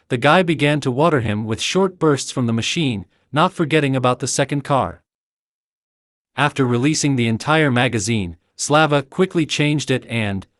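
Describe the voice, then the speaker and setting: A man narrating an action audiobook in a steady, even reading. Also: medium pitch, no echo, studio quality. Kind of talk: scripted narration.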